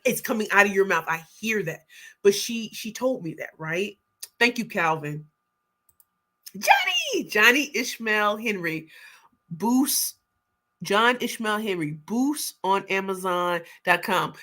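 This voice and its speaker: A middle-aged woman hosting a livestream, reading viewer comments aloud and greeting people by name with excited, exclamatory energy. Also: medium pitch, a little slow. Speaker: livestream host, book pitch coach.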